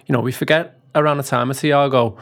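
A man appearing as a podcast guest, talking football in a measured, thoughtful way with some hesitant fillers. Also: medium pitch, steady tone. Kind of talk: casual football podcast chat.

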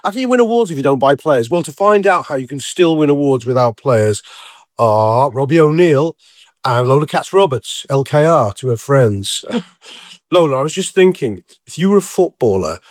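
A man with a cold hosts a casual football chat, joking at his own expense and wandering off track. His voice sits at a middling pitch. It is recorded close and dry, with no room sound. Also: lively intonation, normal speed, no echo. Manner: jokey, self-deprecating, rambling. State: sick with a cold. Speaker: podcast host.

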